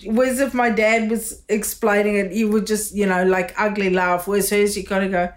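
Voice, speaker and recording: A woman hosts a relaxed podcast conversation. She is chatty and swears freely, and her laughter is loud. Her voice sits at an ordinary middle pitch. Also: normal speed. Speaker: podcast host. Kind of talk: casual podcast chat.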